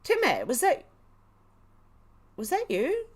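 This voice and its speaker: A woman's voice: high voice, huge pitch swings, slow pace. A woman, hosting a casual livestream, reading headlines and viewer comments in a chatty, exclaiming way and laughing often. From Australia. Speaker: livestream host.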